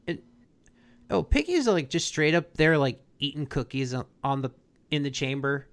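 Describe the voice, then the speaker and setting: A man's voice: medium pitch, expressive, normal speed, a bit bright. A man co-hosting a podcast, casually recapping a cartoon episode with jokes and quoted voices. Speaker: podcast co-host.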